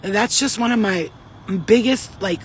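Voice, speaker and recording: A man with a notably high-pitched voice talks straight to his viewers in a loose, rambling vlog. He swears freely and gets excitable, jumping from one story to the next. A faint hum of background noise sits under his voice. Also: low-quality recording. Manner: profane, rambling, excitable, talks in quick digressions. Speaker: spiritual channeler and vlogger. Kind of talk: casual rambling monologue.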